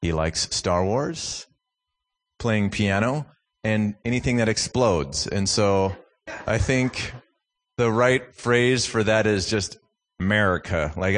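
A man from Minnesota in his thirties or forties giving a guest sermon in a church, mixing joking, self-deprecating family stories with fervent preaching. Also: fairly low pitch. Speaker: guest speaker from a youth ministry.

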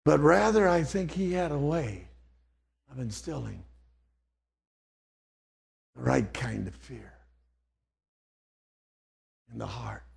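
A man's voice: mid-range voice, slow, vocal fry, long pauses, slightly rough. An older man preaching an old-fashioned sermon, dropping to near whispers and then rising to fervent outbursts.

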